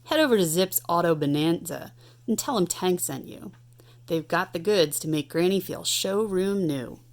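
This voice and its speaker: A woman voicing a bullying male monster truck, gruff and taunting, in a read-aloud storybook. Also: lowish voice, lively intonation, moderate pace. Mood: sly.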